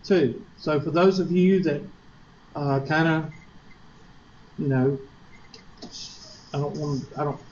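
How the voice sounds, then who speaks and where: A college math teacher from Upstate South Carolina, speaking with a Southern accent, lectures slowly with long pauses, joking, digressing, and posing rhetorical questions to students. His voice is a bit high for a man, with a darkish tone. The classroom audio is dull and lo-fi, with faint hiss beneath it.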